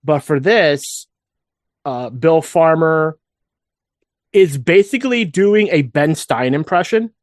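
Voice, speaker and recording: Chatty man with a bright, dry close voice. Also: fairly high pitch, animated, takes it slowly, long pauses, dry recording. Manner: rambling, with frequent restarts and asides. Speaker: podcast co-host. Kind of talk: casual fan podcast chat.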